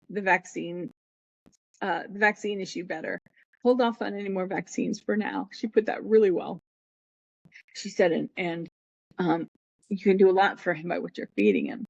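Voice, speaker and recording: A woman's voice: medium pitch, moderate pace, vocal fry, pauses often, no echo. Middle-aged woman telling her story, muffled. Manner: rambling, acts out quoted people in her story. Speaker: podcast guest. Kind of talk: emotional personal storytelling.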